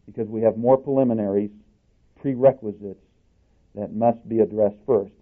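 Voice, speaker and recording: Emphatic preacher, tinny audio. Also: male voice, on the low side, steady tone, moderate pace. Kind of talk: sermon.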